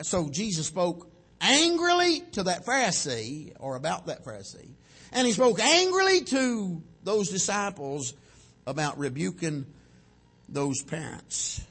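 Preacher guy, husky, swoops up and down a lot, acts out the prayers. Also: a little high, a bit bright. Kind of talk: sermon.

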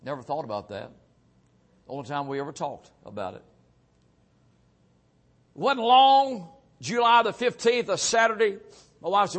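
A middle-aged man preaching, telling his own testimony earnestly and often dropping to a hushed voice. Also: high-pitched, very animated, normal speed, long pauses. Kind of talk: sermon testimony.

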